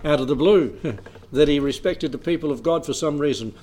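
A man's voice: a little high, fairly quick, warm tone. A man preaching a Bible teaching in an easy, conversational way, reading scripture aloud and chuckling now and then.

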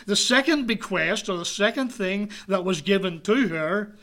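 A man preaching a sermon in an earnest, measured way, sometimes dropping to a near-whisper. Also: high voice, lively intonation, fairly bright tone.

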